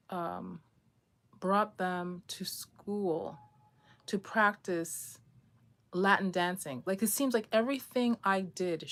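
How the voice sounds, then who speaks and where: A woman's voice: on the low side, fairly bright tone. A woman vlogger telling a personal story in a rambling, candid way, at home, with emphatic bursts.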